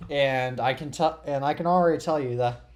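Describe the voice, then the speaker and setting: A man's voice: medium pitch, brisk. Teenage guy rambling on a podcast. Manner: rambling, restarts, sarcastic quips. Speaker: podcast host. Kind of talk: casual podcast chat.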